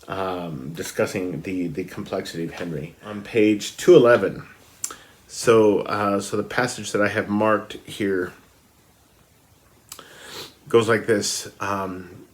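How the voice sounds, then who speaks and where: Chatty low-voiced man discussing a novel. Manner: conversational, many ums and restarts. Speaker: book reviewer. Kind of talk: casual book discussion with read-aloud passages.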